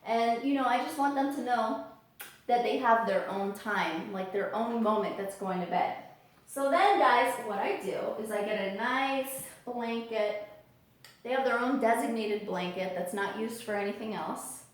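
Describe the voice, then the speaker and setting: A woman's voice: unhurried, recorded from a distance. Chatty woman in an echoey room. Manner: chatty, animated, mimics her birds in high squeals. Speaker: parrot vlogger. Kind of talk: casual vlog tips. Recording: roomy echo, voice from off the mic.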